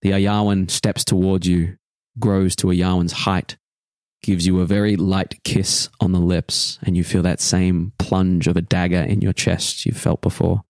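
A man narrating as game master of a tabletop game, describing a dream slowly with pauses. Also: low voice, little pitch movement, a little mellow, no echo.

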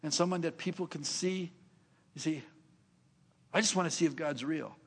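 Older male preacher, slightly high gravelly voice, chatty storyteller who laughs between lines. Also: normal speed, fairly bright tone. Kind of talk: sermon storytelling.

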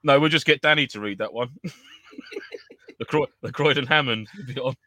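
A man's voice: mid-range voice, a little fast, bright, forceful tone, no room sound. A man from England co-hosting a casual podcast, teasing his partner with banter and bursts of laughter. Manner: teasing banter, breaks into laughter and silly catchphrases. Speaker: podcast co-host.

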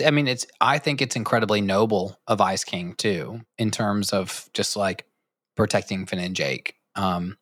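A man with a low voice talks excitedly through his points, looping back with lots of "like" and "um". The recording is dry and close. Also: dry recording. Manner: rambling, enthusiastic, lots of fillers. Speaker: podcast co-host. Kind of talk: casual chat about a cartoon.

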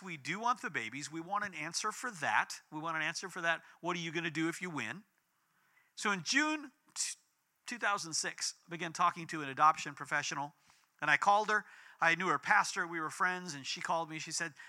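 Bright, animated male preacher. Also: brisk. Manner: animated storytelling with big swings in pitch and volume. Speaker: pastor. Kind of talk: sermon.

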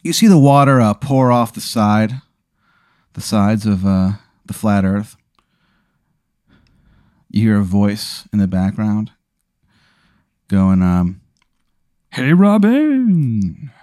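A man with a voice on the low side hosts a podcast, speaking slowly with frequent pauses in a clean tone. He rambles through an improvised comedy bit with animation and goofy put-on voices, recorded dry in studio quality.

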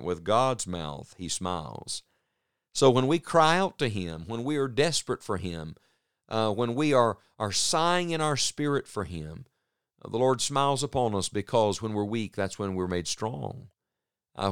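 Earnest male preacher, smooth clear low voice, no room sound at all. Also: dry recording, studio quality. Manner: earnest, with emphatic slow pauses. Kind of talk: broadcast sermon.

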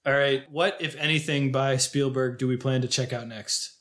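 A man's voice: mid-range voice, steady tone, moderate pace, a bit bright. Chatty man co-hosting a film podcast. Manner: chatty, laughs easily, lists films. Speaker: podcast co-host. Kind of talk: casual film chat.

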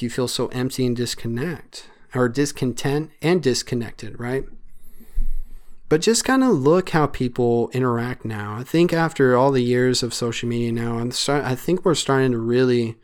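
A man's voice: medium pitch, smooth. A man hosting a solo podcast, talking in an earnest, rambling way with many fillers. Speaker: podcast host.

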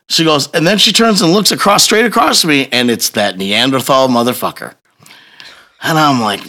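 A man with a bright, forceful voice tells a story in casual chat. His pitch swings widely as he acts out the scenes. He swears freely and laughs along the way. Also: moderate pace. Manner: animated, profane storytelling with laughter.

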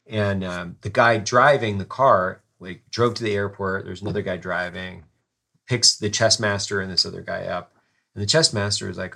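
A man's voice: fairly low pitch, steady tone, a little fast, vocal fry, bright, forceful tone, breathy edge. A man hosting a podcast, telling a rambling story and swearing freely in casual chat.

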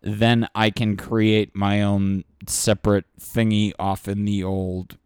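A man with a lowish voice talks as a podcast guest, eager and rambling, dropping swear words along the way. The recording is dry and close. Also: slow pace, smooth, no room sound. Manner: excitable, swears freely, rambling. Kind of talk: casual podcast chat.

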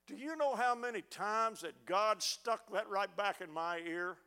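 A man's voice: high voice, normal speed, hardly any pauses, pushed and bright, smooth. A middle-aged man preaching a fervent sermon, often stammering as he restarts words. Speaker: pastor. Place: church sanctuary.

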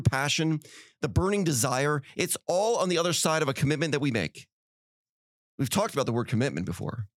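A man's voice: mid-range voice, no room sound, clean studio sound. Man giving a punchy motivational talk. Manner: emphatic, repetitive preaching cadence. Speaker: podcast host. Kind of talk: motivational monologue.

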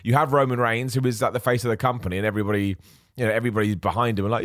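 A man's voice: medium pitch, rapid-fire, no echo, studio quality. A man hosting a podcast, chatting casually and animatedly, often correcting himself mid-sentence. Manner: animated, self-correcting, mocks other voices. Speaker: podcast host. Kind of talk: casual wrestling opinion chat.

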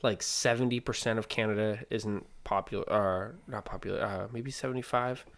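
A young man from Maine co-hosting a podcast, relaxed and teasing, often answering briefly. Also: fairly low pitch, normal speed. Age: young adult. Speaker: podcast co-host. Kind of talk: casual chat.

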